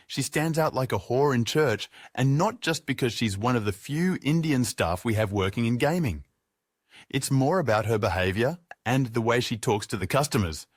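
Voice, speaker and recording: A man's voice: mid-range voice, dry recording, studio quality. A man narrating his own audiobook in the first person, sardonic and freely profane.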